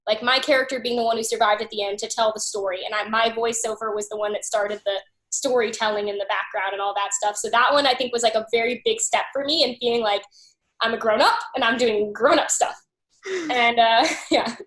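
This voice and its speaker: A woman's voice: a little high, steady tone, brisk, fairly bright tone, reverberant. A young adult woman, an actress being interviewed, telling stories in a chatty way and often saying "like". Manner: chatty storyteller, peppers speech with "like". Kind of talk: casual interview chat.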